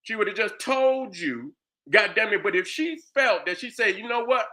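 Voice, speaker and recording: High, bright-voiced man ranting angrily. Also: expressive, moderate pace. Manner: angry, profane, rhetorical questions; repeats "you understand what I'm saying". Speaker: host commentator. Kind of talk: heated commentary rant.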